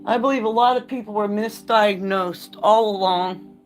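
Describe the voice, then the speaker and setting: A woman's voice: mid-range voice, a little slow. Woman, candid vlog, blunt, swears a lot, impassioned, faint music behind. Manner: blunt, profane and impassioned, reads aloud then rants. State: choked up. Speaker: vlogger. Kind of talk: candid talking-to-camera vlog.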